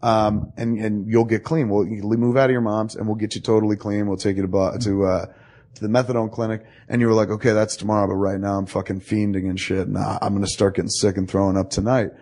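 A man telling a long story to a friend in casual talk, profane and animated, acting out both sides of the dialogue. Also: fairly low pitch, quick pace.

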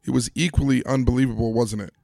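A man's voice: medium pitch, fairly even intonation, fast talker, creaky, a little mellow, dry recording, clean studio sound. A man hosting a solo motivational podcast, upbeat and speaking straight to his listeners with questions and instructions. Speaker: podcast host.

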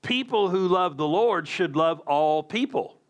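A man's voice: sits high, lively intonation, a little slow. A man preaching a sermon as a pastor, emphatic with conversational asides.

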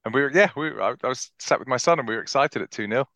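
A man on a football podcast, speaking haltingly with stumbling starts. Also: medium pitch, expressive, fairly bright tone, no room sound. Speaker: podcast guest. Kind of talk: casual football podcast chat.

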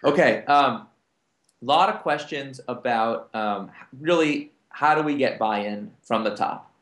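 A man on a conference panel, talking through a business story and slipping into the voices of the people in it. His pitch sits in the ordinary middle range, and the sound carries a roomy echo. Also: unhurried. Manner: animated, acts out quoted dialogue. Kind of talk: anecdotal storytelling to an audience.

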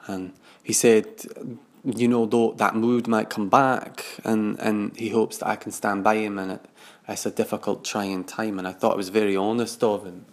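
A man's voice: lowish voice, flat delivery, moderate pace. A man telling a first-person story in a wry, confiding way. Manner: wry, confiding, acts out other voices in quotes.

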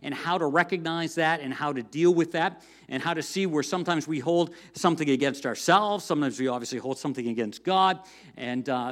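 A middle-aged man from the US, a pastor preaching a sermon in a conversational, animated storytelling way with self-deprecating humor. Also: a little high.

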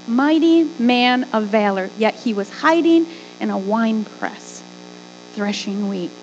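A woman pastor preaching a sermon in a lively way, with joking asides. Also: high-pitched, low-quality recording.

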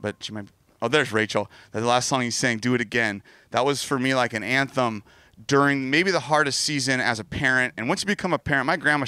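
Middle-aged male pastor, bright voice, dry close sound, candid storytelling sermon. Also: medium pitch, no echo. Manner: earnest, candid, storytelling with self-deprecating asides.

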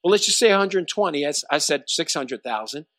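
A man's voice: a little high, expressive, fairly quick, a bit bright, dry recording. A male pastor preaching a sermon emphatically, his intensity building as he goes.

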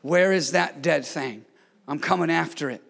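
High-voiced gravelly preacher in a hall. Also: male voice, moderate pace. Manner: call-and-response preaching, swings from hushed to shouted. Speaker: pastor. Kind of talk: sermon. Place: church sanctuary.

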